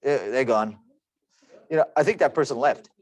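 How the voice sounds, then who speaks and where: A man's voice: mid-range voice, normal speed. A man in his forties teaching an online class with chatty, joking, self-deprecating asides. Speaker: lecturer. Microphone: computer microphone.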